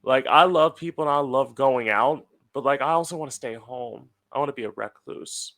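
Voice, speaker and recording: A man's voice: medium pitch, moderate pace, a bit bright. A young man hosting his own podcast from home, talking casually in a chatty, sardonic way and swearing freely. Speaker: podcast host. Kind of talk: casual solo podcast monologue.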